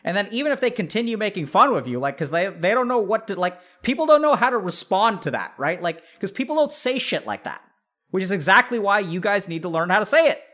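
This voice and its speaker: A man with a notably high voice hosts an advice podcast in a casual, off-the-cuff monologue. He talks animatedly, leans on "like" and "right?", and keeps breaking into quick impressions of the people he describes. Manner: animated, acts out imagined family members mid-sentence; frequent fillers "like" and "right?". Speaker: podcast host giving advice.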